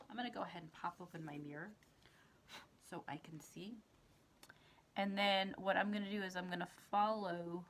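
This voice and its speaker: A woman with a lowish, slightly bright voice hosts a makeup tutorial, casually talking through each step as she works. Her eyes are watering throughout this how-to demonstration.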